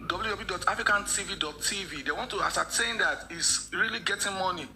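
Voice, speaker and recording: Bright-voiced male host. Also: high-pitched, a little fast, a little hiss or hum, rough recording. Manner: repeats himself while addressing viewers. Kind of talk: live-stream hosting.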